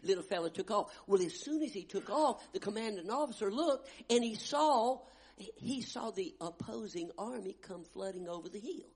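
Husky preacher, high-pitched. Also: male voice, animated, moderate pace. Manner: folksy, emphatic, swings to loud shouts. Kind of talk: sermon.

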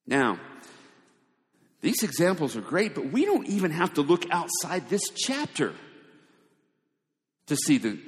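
A man preaching a sermon, shifting between quiet asides and raised, emphatic lines. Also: a little high. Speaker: pastor. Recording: long hall reverb.

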